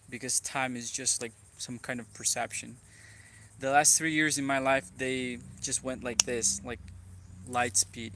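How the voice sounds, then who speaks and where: A Brazilian man with a Brazilian Portuguese accent talks in a rambling, earnest, reflective personal vlog monologue, peppered with "like." His voice is medium-pitched, pushed and bright.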